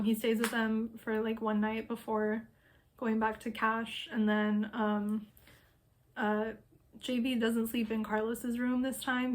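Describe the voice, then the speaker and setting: A woman with a fairly high voice retells a memoir in easy, casual chat. She speaks in a level, even tone and fills her sentences with "um" and "like." Her delivery is relaxed and conversational, like an astrologer talking through a book. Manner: loose, filler-heavy talk with frequent "um" and "like".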